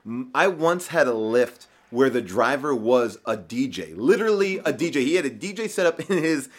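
A man chatting backstage as a comedian guest, telling a relaxed story. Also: mid-range voice, normal speed. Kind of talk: backstage chat.

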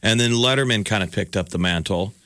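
Bright-voiced radio morning host. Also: male voice, fairly low pitch, a little fast, dry recording. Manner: chatty, reminiscing, leads the interview. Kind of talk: casual radio chat.

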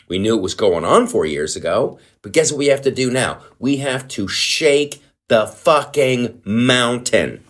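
A middle-aged man hosting a comedy podcast, ranting in a heated, profane, worked-up way. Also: on the low side.

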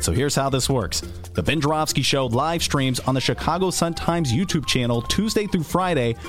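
A man producer reading a recorded promo in a chatty, upbeat manner, his voice a touch high and lively as he walks through the details.

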